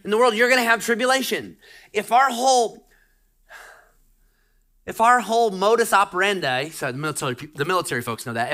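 A middle-aged man preaches a sermon with urgent, emphatic exhortation. His voice is bright and forceful, pressing each point home as a pastor. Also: high voice.

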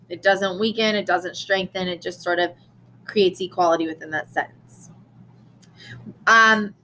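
A woman's voice: mid-range voice, pushed and bright, poor audio. A woman teacher giving a recorded lesson in a casual way, with frequent ums and restarts and an occasional cough. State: coughing now and then.

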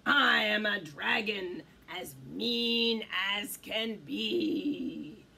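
A woman voicing a mean, hungry male dragon in a storybook reading, with a low, drawn-out gloating voice. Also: animated, gravelly, pushed and bright, breathy edge, full character voice.

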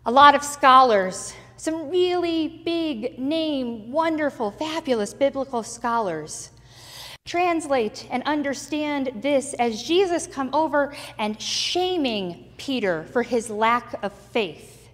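Woman, pastor, sermon, high voice, dramatic storytelling, long church reverb. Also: expressive, slow pace, a bit bright. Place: church sanctuary.

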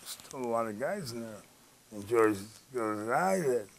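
A man's voice: mid-range voice, a little slow, slight background noise, rough recording. A former ballplayer telling a rambling anecdote in an interview, acting out the dialogue as he goes. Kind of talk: storytelling interview.

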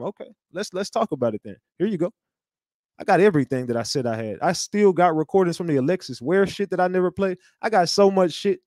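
A man's voice: on the high side, darkish tone, dry recording, clean studio sound. Blunt heated man on a livestream. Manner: blunt, heated, repetitive restarts. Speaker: livestream host. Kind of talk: casual livestream monologue.

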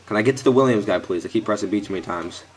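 This gaming YouTuber, a young man, speaks very fast in a lowish voice while commentating live on his football video game. He's frustrated and curses at his players, with his mouth close to a headset or desk mic.

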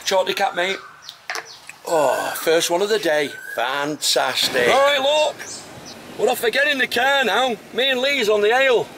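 An enthusiastic Englishman with an English accent and a fairly high voice talks chattily while filming himself on a tropical trip. The camera audio carries clear outdoor noise. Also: measured pace, bright, forceful tone. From England. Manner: chatty, enthusiastic, keeps saying fantastic. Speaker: travel vlogger. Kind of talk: casual handheld travel vlog. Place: outdoors on a tropical island, beaches and roadside.

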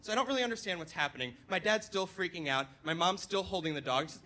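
Young man, live storyteller, bright tone, animated comic delivery. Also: high voice, fast. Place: stage at a dance venue.

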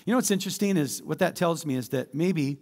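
High-voiced pastor preaching animatedly. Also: male voice, fast talker. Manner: animated preaching with call-and-response to the congregation. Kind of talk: sermon. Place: church sanctuary.

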